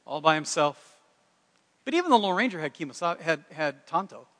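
A man preaching a sermon in a folksy, animated way, breaking into loud shouted impressions. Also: fairly high pitch, normal speed, in a large hall. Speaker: pastor.

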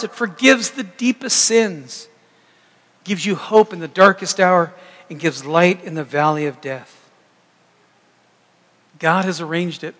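A man's voice: high-pitched, fairly bright tone, big-room sound. A middle-aged man preaching a sermon as pastor, conversational and joking, with rambling restarts.

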